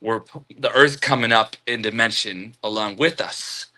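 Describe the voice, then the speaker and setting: Hosting a live stream, a man reads out chat comments and muses in a relaxed, spiritual way, chuckling frequently. His voice is lowish and his pace moderate.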